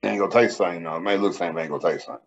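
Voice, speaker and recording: Profane, animated man telling stories. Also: low-pitched, racing, creaky, lo-fi sound. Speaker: podcast co-host. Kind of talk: casual podcast banter.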